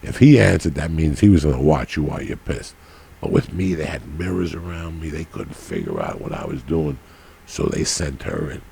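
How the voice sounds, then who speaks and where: A man's voice: very deep voice, sing-song, moderate pace, heavy background noise. A man telling a long, profane comic story from his past in a rambling, storytelling way. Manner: profane, gravelly, rambling anecdote. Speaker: podcast storyteller.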